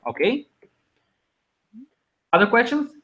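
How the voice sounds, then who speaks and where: A man's voice: very high voice, big pitch swings, takes it slowly, a bit bright, highs cut off. A man teaching a language over a video call, patient and encouraging, explaining step by step. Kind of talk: online class teaching.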